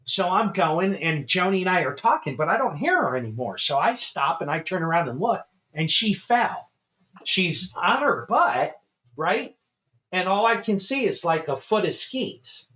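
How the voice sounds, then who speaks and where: Bright, animated middle-aged man telling stories. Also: high-pitched, moderate pace. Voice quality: animated, swearing, laughs while telling stories. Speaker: podcast co-host. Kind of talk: casual storytelling chat.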